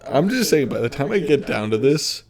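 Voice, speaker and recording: Tipsy from drinking soju, a young man co-hosts a casual podcast reviewing albums, joking, swearing and laughing often. His medium-pitched voice is sing-song and fairly quick, with crowd noise in the background.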